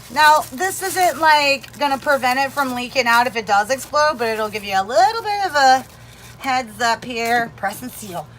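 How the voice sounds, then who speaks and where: A woman's voice: a little high, a bit bright, slight background noise. A woman casually demonstrating how to make soap, chatty and rambling, with jokey asides to viewers. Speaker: soap-making vlogger.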